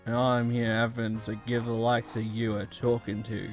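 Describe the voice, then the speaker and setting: A woman's voice: extremely low pitch, little pitch movement, normal speed, a little mellow, faint music behind, pitched below the performer's own voice. A woman streamer voicing an irritable male British police inspector in a lazy, drawling put-on British accent, grumbling and scolding. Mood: irritated. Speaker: streamer voicing game characters.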